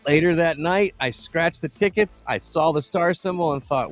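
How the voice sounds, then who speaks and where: A man's voice: a little high, animated, moderate pace, hardly any pauses, soft background music. A man co-hosting a casual podcast, reading out a news story and chatting loosely with lots of laughs. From Texas. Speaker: podcast co-host. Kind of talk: casual live-stream chat.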